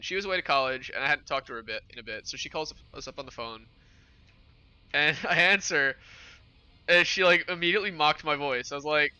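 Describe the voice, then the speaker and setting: A young man hosting a livestream, chatting casually with his chat in a relaxed, rambling way. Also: medium pitch, clean tone, lo-fi sound. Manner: relaxed rambling with fillers and laughs. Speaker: livestream host. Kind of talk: casual stream chat with chat readers.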